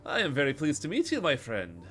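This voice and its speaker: A man's voice: a little high, wildly swooping pitch, fairly bright tone, pitched above the performer's own voice. A man doing a cultured, suave Russian smuggler. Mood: charming. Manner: polite, measured, faintly menacing charm. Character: cultured middle-aged male Russian tech smuggler, smooth.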